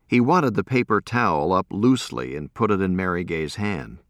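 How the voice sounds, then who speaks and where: Low-voiced man narrating a story. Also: lively intonation, brisk, hardly any pauses, fairly bright tone, dry recording, studio quality. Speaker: audiobook narrator. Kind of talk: first-person audiobook narration.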